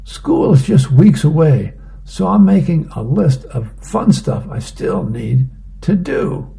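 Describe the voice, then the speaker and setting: A man's voice: a little high, big pitch swings, takes it slowly, creaky, mellow, voice pushed up, exaggerated voice. A man reading a comic aloud, voicing a stubborn schoolboy in an earnest, determined way.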